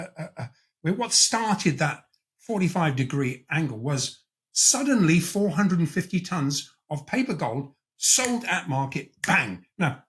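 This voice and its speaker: A man hosting a conversational interview, emphatic and circling back to restate his point. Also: on the high side. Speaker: host.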